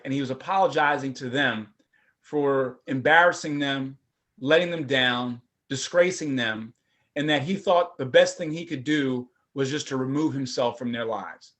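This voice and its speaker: A middle-aged man, a former prosecutor, telling his personal story at a forum in a lively, conversational way. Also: medium pitch. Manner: animated, conversational, acts out voices.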